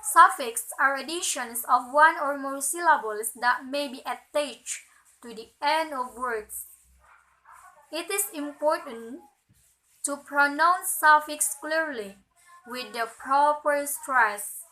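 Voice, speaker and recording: A young woman, a student with Indonesian as her first language, slowly reading out a lesson on word stress, dotted with "okay" and "uh". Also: high voice, pushed and bright, poor audio. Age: young adult. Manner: slow, careful, filler "okay" and "uh". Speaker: student presenter.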